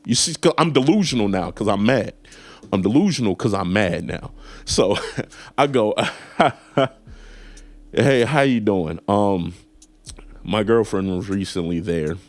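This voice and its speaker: A man's voice: fairly low pitch, moderate pace, no room sound. A man hosting a casual talk show, telling a comedic story and acting out both sides of a phone call in put-on voices. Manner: animated, acts out phone calls in put-on voices. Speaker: podcast host.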